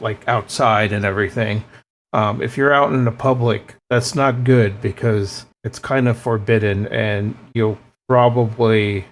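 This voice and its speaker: A man playing in a tabletop game, speaking in a halting, hesitant way full of fillers. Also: fairly low pitch, gravelly, slight background noise. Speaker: player. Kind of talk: tabletop role-play, in-character talk.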